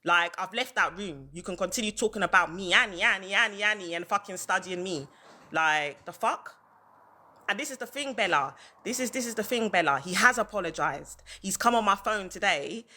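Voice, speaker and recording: A woman's voice: mid-range voice, expressive, normal speed, sharp tone. A woman ranting on a livestream, heated and repetitive, hammering her points over and over. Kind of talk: livestream rant.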